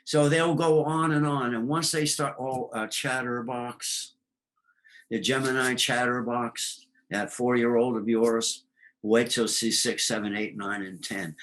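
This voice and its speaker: A man's voice: medium pitch, steady tone, a little slow, a bit bright, rough recording. A man talking about astrology as a guest, in a loose storytelling way with many fillers. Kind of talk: casual explanatory talk.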